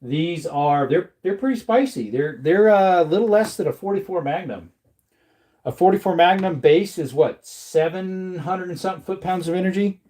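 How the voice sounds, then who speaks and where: This livestream host sits high in pitch, with lively intonation, normal speed, and a dark tone. While reloading ammunition, he chats and jokes with viewers, reading their messages aloud and using silly voices.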